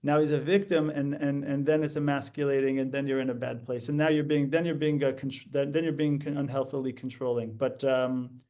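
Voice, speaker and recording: Halting man guest on a podcast. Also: medium pitch, flat delivery, warm tone. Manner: halting, restarts, searching for words. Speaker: podcast guest, host's husband. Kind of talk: casual conversation.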